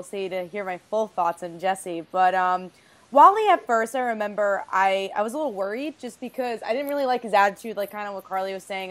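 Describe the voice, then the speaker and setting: Female podcast guest, upbeat and conversational, mid pitch. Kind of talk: casual podcast discussion.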